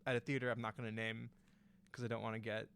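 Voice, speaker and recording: A man's voice: mid-range voice, flat delivery, fast, a bit bright, smooth. A young man casually telling a story on a podcast, rambling with lots of fillers and restarts. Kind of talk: casual chat.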